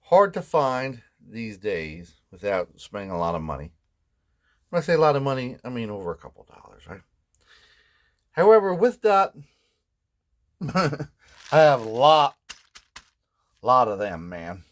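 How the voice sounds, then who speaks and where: A man's voice: mid-range voice, sing-song, measured pace, pauses often. An older man, narrating his guitar repair work in a joking, rambling way that keeps tagging lines with "man". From Philadelphia. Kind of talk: casual workshop narration.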